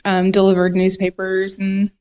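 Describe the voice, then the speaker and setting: A woman's voice: mid-range voice, monotone, moderate pace, a little mellow. Hesitant woman guest, lots of ums. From Buffalo, New York. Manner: hesitant, many ums, friendly. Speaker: podcast guest. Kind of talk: casual interview.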